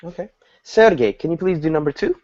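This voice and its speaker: A man teaching an English lesson to a small group, explaining slowly and patiently and acting out example dialogues. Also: a little high, lively intonation, darkish tone. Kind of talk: online group language lesson. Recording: dull lo-fi audio.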